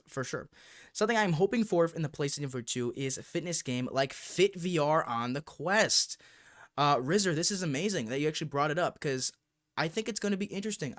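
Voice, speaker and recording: A male streamer talks straight to his viewers in an animated, rambling way, reacting to their comments and swearing now and then. His voice sits slightly high for a man and comes through a desk streaming mic. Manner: animated and talkative, mild swearing. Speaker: livestream host. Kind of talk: casual livestream chat answering viewers. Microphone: desk streaming microphone.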